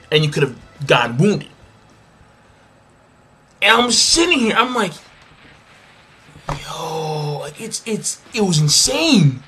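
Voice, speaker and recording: A man doing a casual anime episode review, excitable and swearing freely, acting out lines from the scenes. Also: high voice, slightly rough. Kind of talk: casual animated recap.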